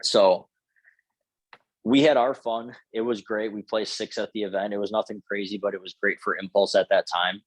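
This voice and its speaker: Low-voiced man telling a story. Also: moderate pace, dry recording, low-quality recording. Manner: profane, animated, lots of filler words. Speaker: podcast guest. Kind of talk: casual storytelling.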